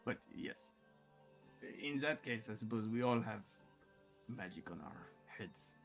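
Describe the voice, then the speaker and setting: A man playing his character in a tabletop game, talking haltingly and thinking aloud. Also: fairly low pitch, expressive, soft background music. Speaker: player. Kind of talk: in-character tabletop role-play.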